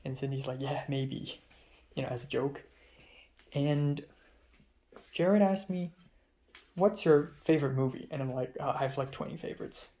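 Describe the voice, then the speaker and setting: In his video diary, a young adult man chats casually to camera about his day, wandering through stories and fixing his own words. His voice is mid-range and warm, at a normal speed broken by long pauses.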